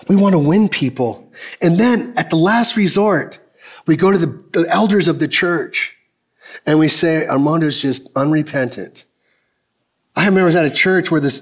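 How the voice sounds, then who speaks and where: A man in his fifties preaching a sermon as pastor, telling personal stories and acting out the dialogue. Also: husky. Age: 50s. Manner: storytelling, acting out dialogue in lowered voices.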